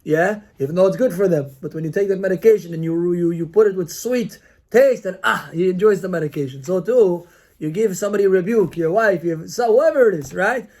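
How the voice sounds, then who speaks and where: Male rabbi, high voice; lively Torah class, acts out dialogue, peppers English with Hebrew terms. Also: brisk. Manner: animated teaching, acting out quoted dialogue, rhetorical questions; mixes Hebrew and Yiddish-style terms into English.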